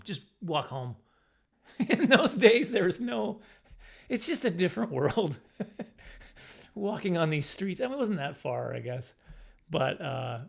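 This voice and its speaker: A middle-aged man telling a self-mocking comic story to camera in a casual, animated way. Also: gravelly. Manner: animated, self-mocking, jumps into high squeaky voices for his younger self. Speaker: comedian storyteller.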